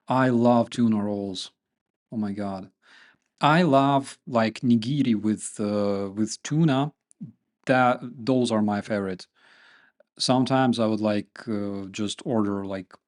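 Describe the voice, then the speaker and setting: A man's voice: fairly low pitch, darkish tone. A man with a Ukrainian accent, hosting his channel and chatting casually with viewers, joking and using many fillers. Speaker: channel host. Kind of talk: casual chat with viewers, reading comments.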